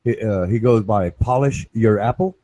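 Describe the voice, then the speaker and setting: Low rambling man in casual chat. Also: normal speed, mellow, no room sound. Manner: rambling, many restarts and "right?" checks. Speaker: show host.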